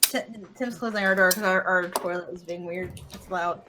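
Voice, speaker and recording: A woman who is a player in a tabletop game group, giggling and excitable in casual banter. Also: fairly low pitch, moderate pace, background noise.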